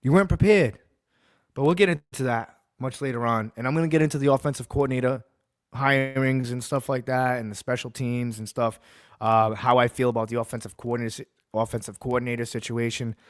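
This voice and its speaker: A man's voice: medium pitch, steady tone, a little fast, no echo, studio quality. A man from Massachusetts hosting a sports podcast, ranting bluntly and profanely and hammering his points home by repeating them.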